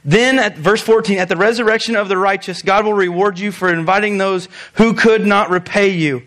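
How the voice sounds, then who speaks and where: High-voiced male pastor preaching conversationally. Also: steady tone, fairly quick, fairly bright tone. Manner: conversational, acts out quoted voices, chuckles. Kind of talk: sermon.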